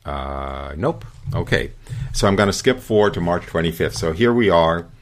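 A man hosting a radio show, reading a religious account aloud and breaking off to comment, with frequent pauses and fillers. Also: deep voice, animated.

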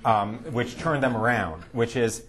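A man speaking at a talk, telling a personal story in a hesitant way with many fillers and lively quoted voices. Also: medium pitch, measured pace, slight background noise. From United States.

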